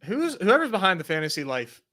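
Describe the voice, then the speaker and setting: A brash, joking man from Texas with a slightly high voice and a bright, forceful tone. He co-hosts a fantasy sports show and swears casually. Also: big pitch swings, a little fast. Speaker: fantasy sports podcast host. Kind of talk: casual chat.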